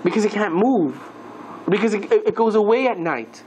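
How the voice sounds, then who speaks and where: A man's voice: high voice, expressive, normal speed, darkish tone, a little hiss or hum, low-quality recording. A man voicing an earnest young man who stammers and pleads as he insists on his belief. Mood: insistent.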